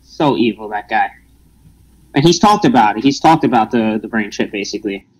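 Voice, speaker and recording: A man's voice: lowish voice, animated, brisk, darkish tone, poor audio. A man in casual podcast chat, talking in an emphatic, insistent way. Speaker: podcast guest.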